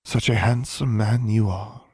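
A man voicing a mysterious, seductive woman in an audiobook, speaking slowly in a breathy half-whisper. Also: on the low side, a little mellow, dry recording, studio quality, voice pushed up, exaggerated voice.

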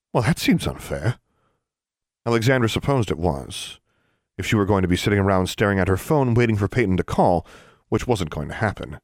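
A man narrates a fantasy novel in a steady, measured reading voice. His pitch sits very low, and the recording is dry, with no room sound around it. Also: dry recording. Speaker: audiobook narrator. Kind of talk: scripted narration.

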